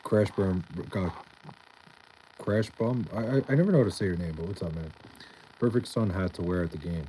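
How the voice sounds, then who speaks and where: A young man casually reading out and answering chat on a live stream, laid-back and profane with a deadpan tone. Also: low voice, normal speed, long pauses, slight background noise, poor audio.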